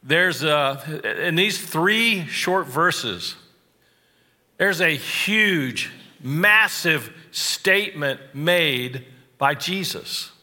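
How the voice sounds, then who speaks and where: A man preaching a sermon, slow and deliberate, stressing key phrases and adding wry asides. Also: a little high, lively intonation, pushed and bright, long reverb tail. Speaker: pastor.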